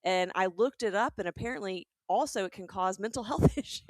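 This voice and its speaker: A middle-aged Southern woman co-hosts a comedy podcast, chatty and quick to laugh. Her voice sits at a middle pitch. The recording is dry and close, with almost no room sound. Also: darkish tone, dry recording. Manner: chatty, restarts and laughs a lot. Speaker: podcast co-host. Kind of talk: casual chat.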